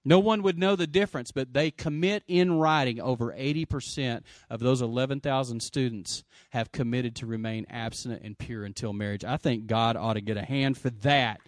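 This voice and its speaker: A man preaching a sermon, calling for amens and swinging from loud exclamations to quiet asides. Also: mid-range voice, normal speed, hardly any pauses, dry recording, clean studio sound. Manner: calls for audience response. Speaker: pastor.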